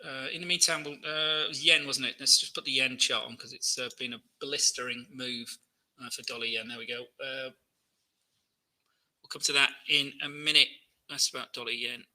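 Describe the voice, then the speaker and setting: A man's voice: mid-range voice, flat delivery, normal speed, sharp tone, low-quality recording. A man hosting a live trading Q&A, talking through charts in a chatty way, full of fillers and questions to his viewers. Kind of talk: live-stream market commentary.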